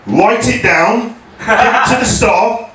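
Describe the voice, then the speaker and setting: A young man from England with a South London accent doing a hesitant, deadpan stand-up set, full of ums, and talking back to hecklers. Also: high-pitched, slow. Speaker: stand-up comedian. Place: comedy club. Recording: echoey club from far off. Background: crowd laughter.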